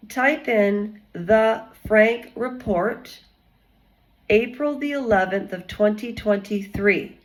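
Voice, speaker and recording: A woman's voice: medium pitch, low-quality recording. A woman vlogger giving casual commentary in a rambling, chatty way with many digressions.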